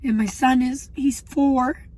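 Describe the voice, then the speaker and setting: A woman in her twenties talking in a personal video diary, halting and emotional, with many pauses. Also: high-pitched, fairly even intonation, darkish tone, rough recording. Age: 20s. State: shaky. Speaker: vlogger.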